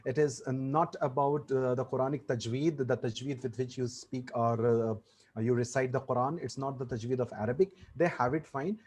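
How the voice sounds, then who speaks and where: A man's voice: mid-range voice, steady tone, moderate pace, darkish tone, husky. A man with an Indian accent, a panelist answering a question in an online webinar in an emphatic, explanatory way.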